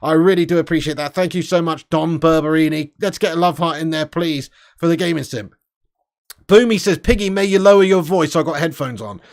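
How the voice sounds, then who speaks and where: A young man hosting a casual livestream, reading super chats, loud and sweary with lots of banter. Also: on the high side, a little fast. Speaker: livestream host.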